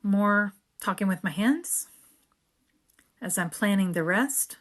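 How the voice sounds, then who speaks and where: A woman casually explaining her journaling steps as she works, now and then slowly reading verses aloud. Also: medium pitch. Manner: relaxed, chatty, reads verses aloud slowly. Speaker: creator. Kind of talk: casual craft tutorial narration.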